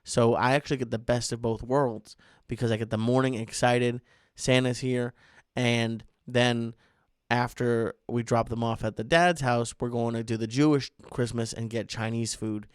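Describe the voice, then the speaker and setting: A man's voice: medium pitch, little pitch movement, moderate pace, clear, resonant tone, no echo, clean studio sound. A man in his thirties hosting a casual solo podcast, rambling with jokey, self-deprecating asides. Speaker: podcast host.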